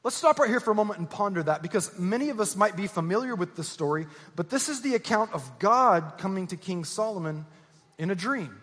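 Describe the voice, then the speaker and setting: A man's voice: sits high, animated, a little fast, a bit bright. A man preaching a sermon as pastor, earnest and emphatic, repeating key lines. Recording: echoey church hall.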